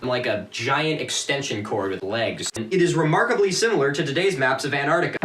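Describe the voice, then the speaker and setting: A man's voice: mid-range voice, lively intonation, brisk, few pauses, fairly bright tone, slight background noise. A young man hosting a video, giving sarcastic, exasperated commentary and swearing often. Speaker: video host. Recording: echoey room, distant mic.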